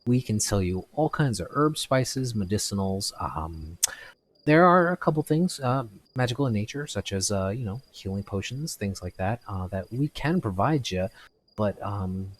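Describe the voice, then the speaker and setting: A man's voice: fairly low pitch, lively intonation, normal speed. A man voicing a polite, flustered human shopkeeper who stammers and apologizes. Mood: helpful.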